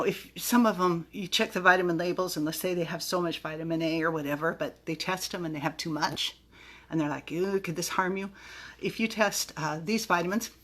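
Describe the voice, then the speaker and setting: A woman's voice: on the low side, fairly bright tone. A middle-aged woman from the United States, chatting casually to the camera about vitamins in a bubbly, giggly way, stumbling over words now and then. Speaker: vlogger reviewing vitamins.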